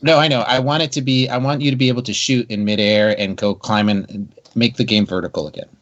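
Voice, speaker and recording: A man's voice: mid-range voice, steady tone, fast talker, fairly bright tone, dull audio. A man co-hosting a casual gaming podcast who rambles and restarts his sentences often. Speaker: podcast co-host.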